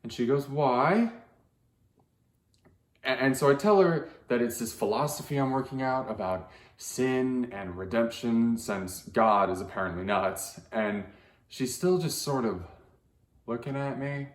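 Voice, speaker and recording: A man performing a deadpan comic monologue for an audition, halting and hesitant with soft trailing asides. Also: mid-range voice, echoey room.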